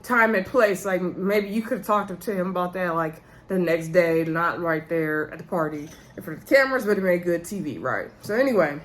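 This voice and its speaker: A woman's voice: on the low side, brisk, hardly any pauses. Chatty woman recapping a show. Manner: chatty, addresses viewers as y'all. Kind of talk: casual recap vlog.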